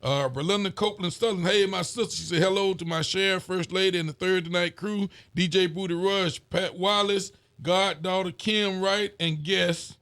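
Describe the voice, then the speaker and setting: A man, a sheriff hosting a casual local show, relaxed and folksy as he reads out viewer greetings. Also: high-pitched, normal speed, hardly any pauses. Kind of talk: casual call-in style show chat.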